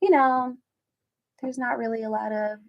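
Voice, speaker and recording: A young woman with a high, bright-sounding voice hosts a student radio chat. She talks in a lively, teasing way and leans into her jokes. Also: gravelly, muffled recording. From from Washington, D.C. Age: young adult. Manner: animated, playful, quick to tease. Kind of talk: casual chat.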